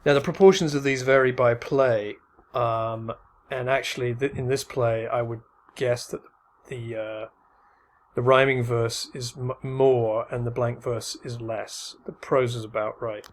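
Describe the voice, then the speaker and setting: Middle-aged male lecturer, mid-pitched, relaxed and chatty, lots of fillers. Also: a little slow. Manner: casual, many fillers and restarts. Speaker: teacher. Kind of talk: recorded lecture with slides.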